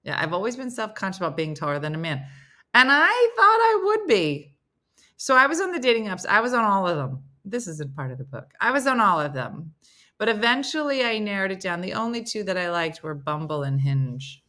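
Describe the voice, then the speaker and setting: Brief: woman host, low-set but very lively voice, bright and forceful, chatty stream from home. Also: brisk. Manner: animated and chatty, jumping between stories and asides. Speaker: host of a live chat show. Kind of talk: casual live-stream chat, reading and answering comments. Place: at home, indoors, with her dogs.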